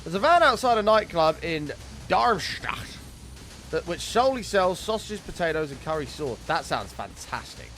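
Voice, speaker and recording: A young man chatting casually with viewers while streaming a game, excitable and swearing freely. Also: high voice, moderate pace, faint music behind. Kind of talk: casual live-stream chat.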